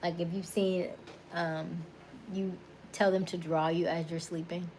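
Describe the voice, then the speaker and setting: A woman's voice: fairly low pitch, level tone, unhurried, darkish tone, a little hiss or hum. Chatty woman with a Florida accent. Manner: chatty, laughs often, greets viewers by name. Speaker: livestream host. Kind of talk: casual livestream chat reading viewer comments.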